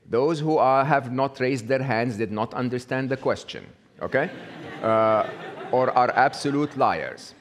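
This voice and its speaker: An Egyptian-accented man with a fairly low voice speaks to a live audience. He keeps asking them questions and stumbles through fillers and restarts as he goes. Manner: interactive, asks the audience questions; acts out the inner voice in quotes. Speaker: speaker giving a talk.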